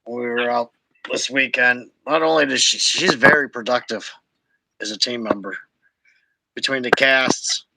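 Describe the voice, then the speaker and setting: A man hosting a casual livestream recap, telling his story slowly with halting restarts. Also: medium pitch, fairly even intonation, vocal fry, pushed and bright, slight background noise, rough recording. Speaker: host.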